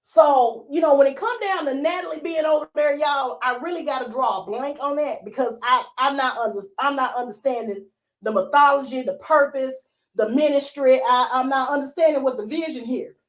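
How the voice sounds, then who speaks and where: Co-host, woman, high voice, casual gossip commentary, rhetorical and opinionated. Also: moderate pace.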